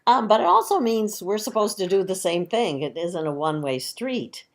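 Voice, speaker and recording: A woman leading children's time at church, explaining a story to kids in a gentle, chatty children's sermon. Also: medium pitch, sing-song, moderate pace.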